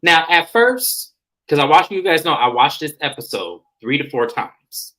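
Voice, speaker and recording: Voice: medium pitch, big pitch swings, measured pace, sharp tone, poor audio. A vlogger giving a casual, slangy recap of a reality TV episode, acting out what the cast said. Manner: chatty, acts out quoted lines in shifting voices; slangy, informal phrasing. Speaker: recap reviewer.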